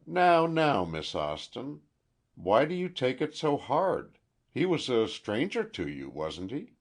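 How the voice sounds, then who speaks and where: A blunt, prying landlady of middle age, read by a male narrator who presses every question home. Her voice sits higher than his own and stays husky. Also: wildly swooping pitch, slow pace, full character voice. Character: nosy blunt middle-aged woman landlady.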